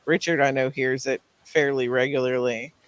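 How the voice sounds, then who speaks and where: A man's voice: medium pitch, steady tone, normal speed, a bit bright, clear, resonant tone, no echo. A man from Florida with a mild Southern US accent, chatting bluntly and self-mockingly as a podcast co-host. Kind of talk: casual chat.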